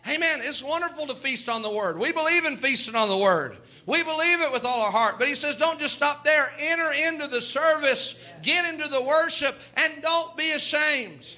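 A man's voice: very high voice, normal speed, few pauses, sharp tone. A man preaching a sermon, reading scripture and urging his congregation to praise with fervent, rhythmic delivery. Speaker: pastor.

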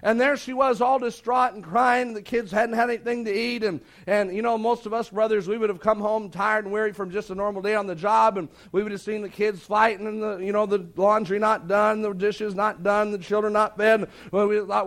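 High-voiced man preaching a folksy sermon. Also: steady tone, a little fast, hardly any pauses. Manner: folksy, retelling anecdotes with quoted dialogue. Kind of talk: sermon storytelling.

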